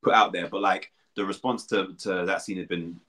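A man's voice: sits low, fairly even intonation, moderate pace, sharp tone. A young man, a reality show guest talking casually in an interview, rambling and self-deprecating with lots of fillers. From United Kingdom.

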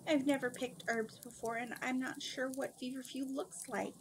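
A timid young princess with a lifted, nervous voice, as a woman reads her part aloud. She hesitates and grumbles in a storybook reading, over a steady noisy hiss. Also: high voice, moderate pace, pitched above the performer's own voice. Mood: fretful. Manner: hesitant and complaining.

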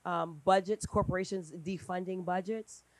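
A middle-aged woman speaking on a panel at a brunch event, talking in a lively conversational way and acting out quoted dialogue. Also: moderate pace, no room sound. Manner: animated, acts out quoted dialogue with big pitch jumps.

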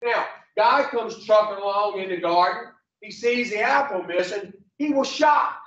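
A man's voice: high-pitched, unhurried, few pauses, fairly bright tone. A man teaching a recovery program class in a blunt, profane, joking way, telling folksy stories. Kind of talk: folksy storytelling lesson. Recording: distant, roomy, muffled.

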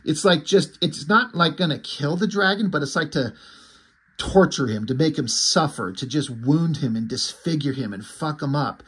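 A man casually recapping a comic book, excited, loose and a bit profane. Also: on the high side, moderate pace, husky.

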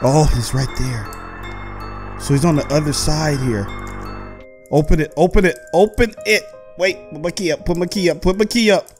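A man giving excited gameplay commentary as host, talking to his viewers and yelping and shouting when something chases him. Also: on the high side, moderate pace, soft background music. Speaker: gaming host.

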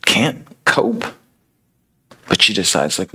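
A man's voice: a bass voice, animated, slow, gravelly, bright, forceful tone, husky. A man preaching a sermon, retelling a story in a casual, conversational way with many fillers.

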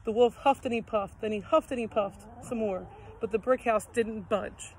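A woman reading a children's story aloud in a gentle, expressive read-aloud manner. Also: fairly high pitch, moderate pace, a little hiss or hum, poor audio.

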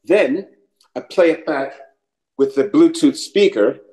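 Animated New man telling stories. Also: fairly high pitch, takes it slowly, rough recording. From New York City. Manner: animated storyteller, slips into accents and voices. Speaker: actor guest. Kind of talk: casual interview chat.

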